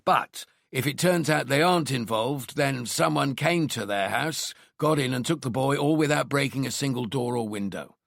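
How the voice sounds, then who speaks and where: A man voicing a decisive male detective inspector briefing his team in a measured, firm way. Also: mid-range voice, gravelly, fairly bright tone, no echo, clean studio sound. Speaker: police team leader.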